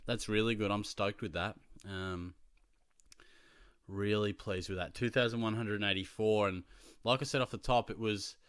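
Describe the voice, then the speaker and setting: An Australian man chatting casually as a fantasy football vlogger, telling stories in an animated way and laughing often. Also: lowish voice, moderate pace, smooth, no echo, studio quality. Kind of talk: casual chat.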